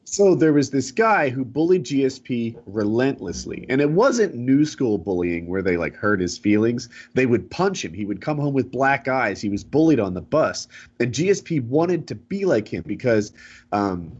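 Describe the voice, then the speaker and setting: A man hosting a podcast, telling a story in a casual, rambling and animated way over a home mic. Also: mid-range voice, normal speed, husky. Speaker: podcast host. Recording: dull lo-fi mic.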